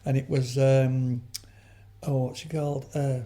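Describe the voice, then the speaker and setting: An older man chats as an interview guest, his voice mellow and warm. He wanders through anecdotes, restarting sentences and adding asides as he goes. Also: mid-range voice, level tone, unhurried. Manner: rambling storyteller, frequent restarts and trailing asides. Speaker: guest, veteran comedian.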